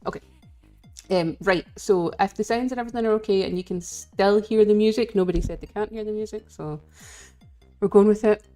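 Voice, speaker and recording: A woman's voice: mid-range voice, fairly quick, dark tone, soft background music. Chatty Scottish woman streamer. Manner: chatty and giggly, greets viewers, rambling asides. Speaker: game streamer. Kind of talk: casual live-stream chat.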